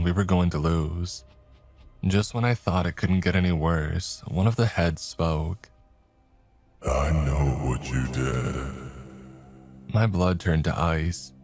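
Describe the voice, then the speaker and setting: A man giving a measured, dramatic scripted narration of a horror story. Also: low voice, a little mellow. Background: faint music.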